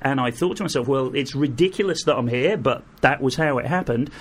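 A middle-aged man, a guest, telling lively anecdotes and acting out the people in them. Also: medium pitch, brisk, husky. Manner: animated anecdotes, acts out quoted voices, laughs through. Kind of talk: storytelling in an interview.

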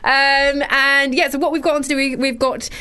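A woman's voice: high voice, little pitch movement, normal speed, pushed and bright. A woman hosting a casual radio film show, chatty and informal.

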